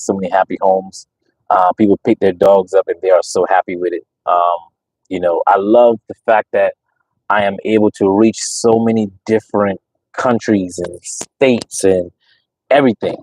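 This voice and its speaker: A man's voice: fairly low pitch, darkish tone, no room sound, rough recording. A man who breeds dogs, talking casually to viewers on his channel, emphatic and preachy, repeating himself with lots of fillers. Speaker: dog breeder and channel host. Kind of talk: casual livestream talk to viewers.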